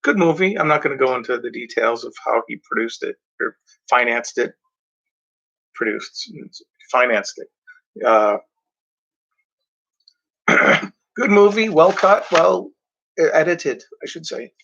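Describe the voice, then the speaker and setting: A man talking casually about movies, rambling and halting, often clearing his throat and filling pauses. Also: on the high side, expressive, a bit bright, muffled recording. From Mexico. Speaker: movie reviewer. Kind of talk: casual movie talk, reading back covers.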